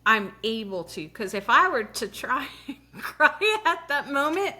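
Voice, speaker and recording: Bright, lively, giggly woman co-host. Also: sits high, measured pace. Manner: giggly, chatty. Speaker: podcast co-host. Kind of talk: casual chat.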